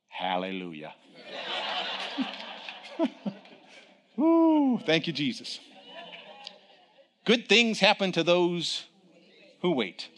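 Older guy in his 60s preaching, bright punchy voice, folksy storyteller, goes quiet then loud. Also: a little high. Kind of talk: sermon.

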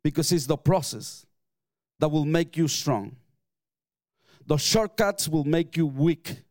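A man's voice: on the high side, animated, takes it slowly, darkish tone, no room sound. A middle-aged man, preaching a sermon in an emphatic way and mixing in personal stories with light chuckles. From Mexico. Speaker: pastor.

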